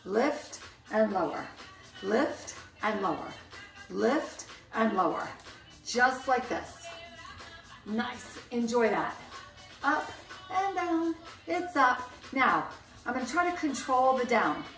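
A woman's voice: fairly high pitch, lively intonation, takes it slowly, vocal fry, pauses often, a bit bright, recorded from a distance. A woman fitness instructor leading a band workout, counting down reps with upbeat cues and chatty asides. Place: indoor room, filmed alone. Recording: echoey room, off-mic, faint music.

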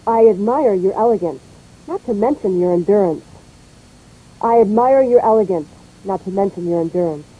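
Husky woman reading a pronunciation drill. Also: mid-range voice, expressive, moderate pace, narrow, tinny audio. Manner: clear, repeats each word and line twice. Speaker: English pronunciation teacher.

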